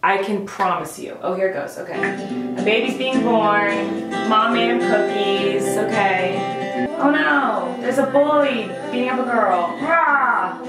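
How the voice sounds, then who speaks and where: A woman's voice: medium pitch, unhurried. A woman hosting a casual vlog, giving wry, sarcastic running commentary. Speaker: vlog host. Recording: roomy echo with background music.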